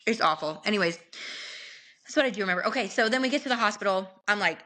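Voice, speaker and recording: Young woman, bright voice, lively podcast storyteller who laughs easily. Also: medium pitch, fast.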